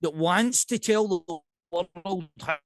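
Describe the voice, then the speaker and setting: A man with a Scottish accent, a podcast guest and pipe band drummer, chatting casually in an animated ranting way and often checking in with "right?". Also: high-pitched, slow pace, no echo, studio quality.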